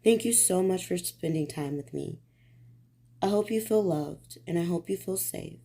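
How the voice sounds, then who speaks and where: A woman reading a bedtime storybook aloud in a gentle, soothing way. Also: lowish voice, moderate pace.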